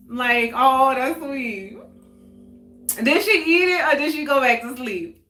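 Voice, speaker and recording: A woman's voice: high voice, animated, takes it slowly, bright, forceful tone. A woman in her forties hosting a casual heart-to-heart talk stream, chatty and candid, answering viewers' comments aloud and laughing often. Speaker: host of a live talk stream. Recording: roomy echoey sound.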